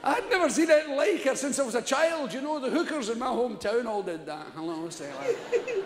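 A man's voice: very high voice, very animated, a little fast, a little hiss or hum. An older Scottish man telling a stand-up story, laughing often, swearing freely and acting out the people he quotes. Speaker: stand-up comedian. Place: large theatre stage. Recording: echoey hall, live stage recording.

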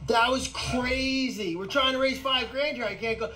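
A man hosting a casual live vlog outdoors on an animal sanctuary farm, talking in an excitable, rambling way. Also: very high-pitched, normal speed, few pauses, slight background noise, poor audio.

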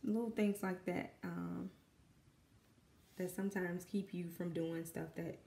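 A woman's voice: fairly low pitch, steady tone, takes it slowly, gravelly, dark tone. A young woman with a Southern accent and a dry voice, nervously rambling as she talks through a painting at home. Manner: rambling, self-conscious, many fillers. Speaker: artist and mother. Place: home room with kids in the background. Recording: echoey room.

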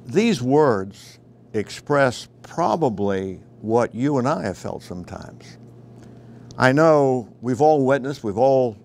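A man preaching a radio devotional, earnest and conversational, with frequent fillers and restarts, rising to emphatic pleading when he quotes cries of distress. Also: mid-range voice.

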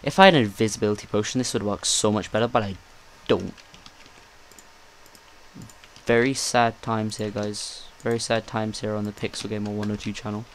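Excitable man narrating his gameplay. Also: lowish voice, brisk, hardly any pauses, slight background noise. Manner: excitable, jokey, talks to himself. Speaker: gaming channel host. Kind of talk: live gameplay commentary.

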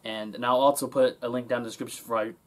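A man chatting casually to his viewers in a home vlog, rambling along and full of ums. His voice sits at an ordinary middle pitch, and he talks loosely and unscripted, filling pauses as he goes. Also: steady tone. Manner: rambling, many ums and restarts. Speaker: vlogger.

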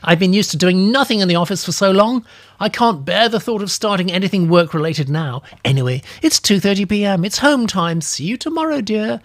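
Man putting on a prim, lazy old lady in falsetto. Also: animated, a little fast. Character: idle gin-soaked older woman office worker, lazy.

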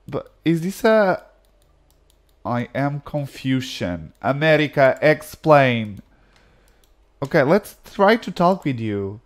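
Man, gaming commentary, slow delivery, animated, reads on-screen text aloud. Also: medium pitch. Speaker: gaming video creator. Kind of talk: casual let's-play commentary.

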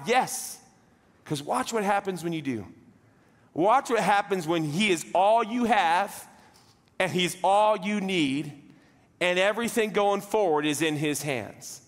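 A man preaches a Sunday sermon in a relaxed, joking way, slipping into quoted voices to act out everyday scenes. His voice sits notably high for a man. The sound carries a long reverb from a large church hall. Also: measured pace. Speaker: pastor. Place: church sanctuary.

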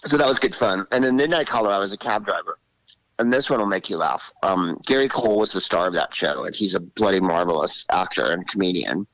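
A man in his sixties, a comedian guest telling animated stories in an interview and slipping into voices. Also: low voice, brisk, dry recording, low-quality recording. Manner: animated, drops into character voices. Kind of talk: storytelling interview.

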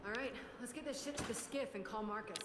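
A woman's voice: fairly high pitch, fast talker, noisy background, natural voice. A woman voicing a tough soldier squadmate in a video game, with terse, commanding lines. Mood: determined. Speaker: game character.

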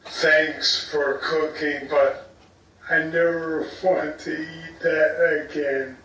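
A man speaking recorded personal messages in a slow, measured way. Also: on the high side, flat delivery, sharp tone. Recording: echoey, distant, faint room noise.

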